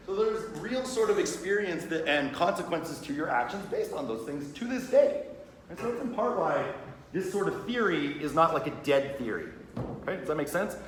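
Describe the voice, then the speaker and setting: A man's voice: on the high side, expressive, a little fast. A man giving a casual classroom lecture on religion. He talks conversationally, often checks in with "right?", and acts out little scenes in quoted voices. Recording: very echoey room, faint background hum.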